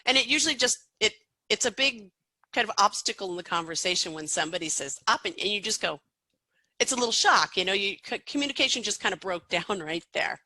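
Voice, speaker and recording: A woman's voice: medium pitch, expressive, fast, sharp tone, no room sound, rough recording. A middle-aged American woman, an accent coach, explaining teaching tips in a chatty way, with frequent fillers and restarts. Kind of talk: podcast interview answer.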